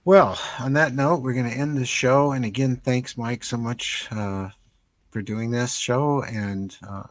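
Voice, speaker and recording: A man hosting a live stream interview over a video call, talking in a relaxed way with many fillers. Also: mid-range voice, measured pace, dry recording. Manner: relaxed, thankful sign-off with fillers. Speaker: host.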